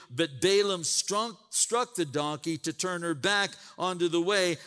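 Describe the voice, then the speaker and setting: A man preaches a sermon in a high, slightly bright, clean voice, retelling scripture with emphatic asides and repeated words. The recording carries a long reverb, as in a large hall.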